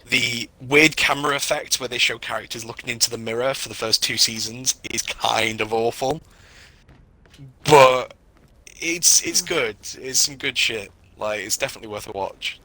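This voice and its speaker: A man with a British accent chatting casually while gaming, telling stories in an animated, profane way. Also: medium pitch, moderate pace. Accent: British English. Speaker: streamer.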